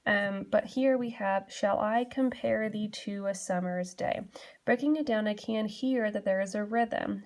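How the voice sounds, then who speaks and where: A woman in her young adult years teaches a lesson in a patient, step-by-step way, often pausing on small fillers as she works through each point. Her voice sits at an ordinary middle pitch and stays calm and even throughout. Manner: patient, steady explaining with frequent "um" and "so". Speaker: English teacher. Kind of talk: classroom lesson explaining poetry.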